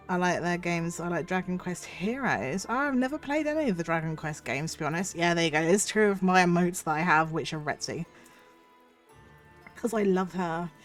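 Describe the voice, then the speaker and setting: Husky woman streaming with a cold. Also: fairly low pitch. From United Kingdom. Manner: chatty and effusive, thanks viewers warmly. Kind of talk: casual livestream chat.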